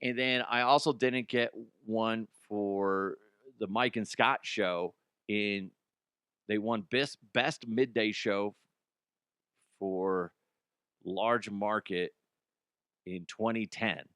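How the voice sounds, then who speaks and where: A man in his forties from Colorado, a former radio voiceover guy, hosting a casual, profane comedy news rant, chatty and quick to laugh. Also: on the low side, fairly even intonation, a bit bright, clean tone, dry recording, clean studio sound. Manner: chatty, laughing, swears freely.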